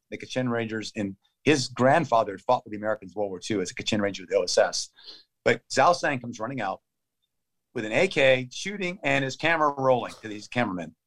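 A man's voice: medium pitch, a bit bright. Man in his fifties retelling a story. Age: 50s. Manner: vivid, urgent play-by-play retelling of combat; fast, clipped phrases with restarts. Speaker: interview guest. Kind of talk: conversational storytelling.

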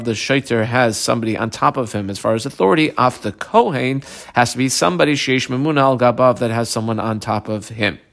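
A man teaching a Talmud class, translating terms one by one and telling students what to underline, with frequent pauses and fillers. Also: medium pitch, creaky, fairly bright tone. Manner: translates terms one by one, marks the text aloud. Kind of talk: line-by-line text study class.

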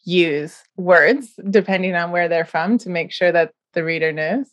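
A woman's voice: on the low side, a little slow, no echo, highs cut off. A woman from the United States hosting a podcast, chatting casually and laughing often. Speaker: podcast host.

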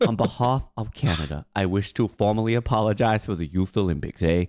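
A man's voice: a little fast, darkish tone, no room sound, clean studio sound, natural voice. A man doing a jokey impression of an apologetic Canadian leader, ending lines with "eh". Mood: mock solemn. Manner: jokey, squeaky, tacks on "eh".

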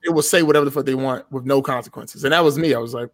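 A man's voice: mid-range voice, rapid-fire, dry recording. A young man telling a story on a podcast in a casual, blunt and profane way. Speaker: podcast guest.

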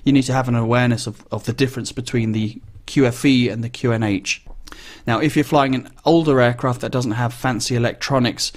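A man who flies business jets, talking casually and explaining things in a wry, conversational way, with frequent pauses to think. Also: medium pitch, fairly even intonation. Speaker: business jet pilot.

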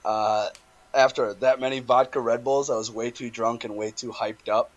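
A man's voice: medium pitch, steady tone, normal speed, highs cut off. A young man in casual chat, telling stories about himself in a laid-back, self-mocking way with laughs.

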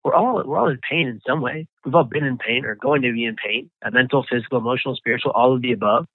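A man, a guest on an interview, telling his own survival story with halting, repeated words. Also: mid-range voice, no echo. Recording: tinny phone-like line.

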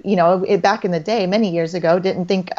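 A woman's voice: fairly low pitch, steady tone, a little fast, darkish tone. Rambling woman in her thirties, lo-fi. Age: 30s. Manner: rambling, with many restarts and trailing phrases. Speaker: holistic doctor, guest. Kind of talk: casual faith-based conversation. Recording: slightly dull lo-fi audio.

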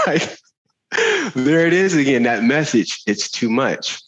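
A man talking candidly about his life as a guest, animated, laughing often, with lots of fillers and restarts. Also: a little high, measured pace, lo-fi sound. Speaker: guest speaker. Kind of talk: candid conversational storytelling.

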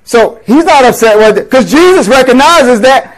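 High-voiced man preaching a Bible study. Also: animated, normal speed, poor audio. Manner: conversational teaching with frequent rhetorical "right?" questions. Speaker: pastor. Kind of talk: sermon, reading and explaining scripture.

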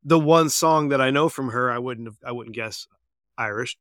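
A man's voice: mid-range voice, normal speed, fairly bright tone, no echo, clean studio sound. A man hosting a podcast, chatting casually and loosely, often restarting his phrases. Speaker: podcast host.

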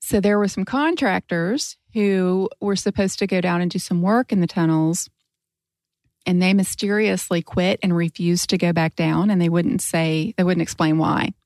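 A woman's voice: on the low side, steady tone, normal speed, a little mellow, dry recording. A woman co-hosting a podcast, telling a spooky story in a dramatic, teasing way. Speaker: podcast co-host. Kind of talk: casual storytelling chat.

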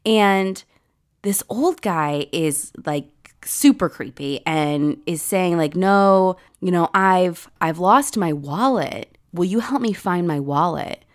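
A woman's voice: lowish voice, slow. A woman co-hosting a podcast in casual chat, telling a story with lots of fillers and quoted lines. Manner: animated storytelling, quoting others, many fillers. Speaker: podcast co-host.

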